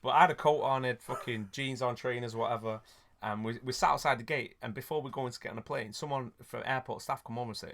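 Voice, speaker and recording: A man's voice: mid-range voice, fast, a bit bright. A man, hosting a podcast and telling a rambling, sweary story with frequent laughs. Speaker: podcast host. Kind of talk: casual storytelling chat.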